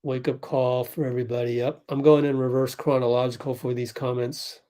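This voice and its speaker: A young man hosting a casual sports livestream, thinking aloud and calling plays in quick bursts while chatting with viewers. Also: mid-range voice, level tone, dark tone. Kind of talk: casual live game commentary and chat.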